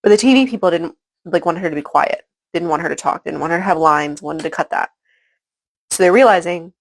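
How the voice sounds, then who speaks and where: A woman's voice: lowish voice, brisk, low-quality recording. Rambling woman recapping a book. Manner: rambling, filler-heavy retelling with frequent "like" and "um". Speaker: book reviewer. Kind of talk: casual chapter-by-chapter book recap.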